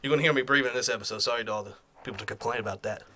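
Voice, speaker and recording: A man co-hosts a casual sports podcast, talking fast and bluntly with the odd swear word. He is a little out of breath, and his voice is bright and forward. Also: mid-range voice. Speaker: podcast co-host.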